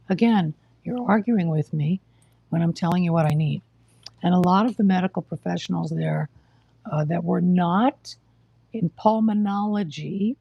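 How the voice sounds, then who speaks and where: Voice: mid-range voice, gravelly, dark tone, dry recording, muffled recording. A live-stream host, short of breath and coughing, telling of hospital care in a blunt, exasperated, lecturing way. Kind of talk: casual live-stream monologue.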